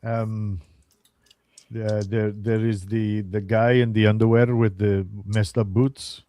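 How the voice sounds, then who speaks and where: A man's voice: fairly low pitch, level tone, slow pace, warm tone, dry recording. A man playing a tabletop game, talking hesitantly and searching for words with many ums. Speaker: player. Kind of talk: tabletop game play, half in character.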